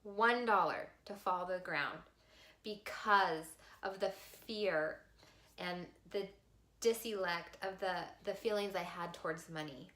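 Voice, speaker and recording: A woman vlogger telling a personal story to camera in a heartfelt, expressive way. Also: fairly low pitch, slow pace, echoey room. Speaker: vlogger sharing a life lesson.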